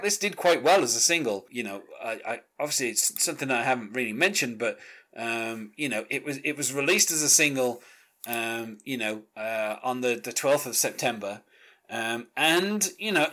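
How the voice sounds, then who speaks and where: A man's voice: on the high side, bright, forceful tone. A man, chatting casually about a song and reading its lyrics aloud, with plenty of fillers. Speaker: music podcast host. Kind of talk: casual chat, track-by-track album discussion.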